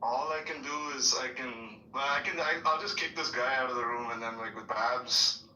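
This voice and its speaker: A man's voice: mid-range voice, moderate pace, pushed and bright, dull audio. A man running an online voice room, hesitantly asking how to use its controls. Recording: distant, echoey, noisy.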